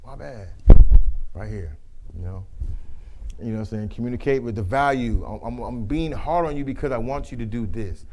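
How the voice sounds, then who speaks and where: A man presenting a leadership communication workshop to a live group, telling animated stories and acting out the people he quotes. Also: mid-range voice, a little fast. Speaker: youth football coach.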